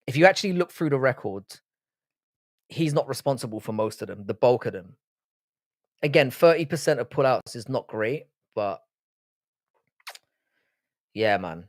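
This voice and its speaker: A man's voice: mid-range voice, lively intonation, normal speed, long pauses, no room sound, clean studio sound. A man with an English accent, raised in Britain with Irish roots, hosting a casual livestream, blunt and sweary as he reads out and answers comments. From Ireland, raised in Britain. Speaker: livestream host.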